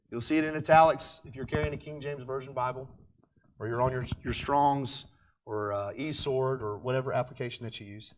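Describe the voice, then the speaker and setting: Emphatic high-voiced male Bible teacher. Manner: emphatic, swinging between loud declarations and quiet asides; slows down to stress key words.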